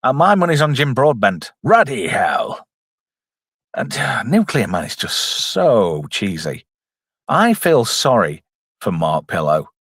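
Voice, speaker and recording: Jokey man, lively voice. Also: mid-range voice, measured pace, slightly rough, dry recording, studio quality. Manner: jokey, reads out chat, puts on silly voices. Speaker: streamer reviewing a film. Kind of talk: casual live commentary.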